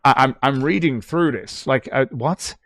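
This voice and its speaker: At a measured pace, a British man with a medium-pitched, slightly bright voice comments on a livestream in a dry recording. He reads out posts and answers them with sweary sarcasm in casual commentary.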